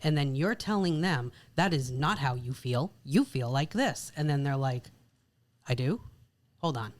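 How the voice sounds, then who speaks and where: A woman's voice: a bass voice, lively intonation, a little slow. A woman co-hosting a podcast about marriage, talking casually and leaning on "like" and "literally.". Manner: chatty, repeats "like" and "literally" often. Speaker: podcast co-host. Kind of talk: casual chat.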